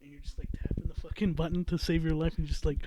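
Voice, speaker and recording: Excitable higher-voiced man. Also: quick pace, a little hiss or hum. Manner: excitable, swears freely. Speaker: podcast host. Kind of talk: casual chat.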